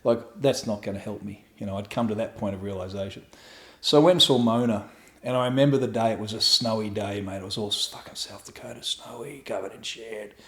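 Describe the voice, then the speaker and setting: A man's voice: on the low side, fairly quick. A middle-aged man telling a raw personal story as a podcast guest, swearing freely and acting out what people said. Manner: profane, animated storytelling with acted-out quotes. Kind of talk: candid storytelling interview. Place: room in his home. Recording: echoey room at home.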